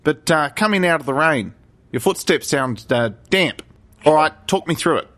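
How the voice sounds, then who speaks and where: A man's voice: a little high, animated, moderate pace, fairly bright tone. A man hosting a podcast, riffing in playful, mock-official comedy banter over a remote call. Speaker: podcast host.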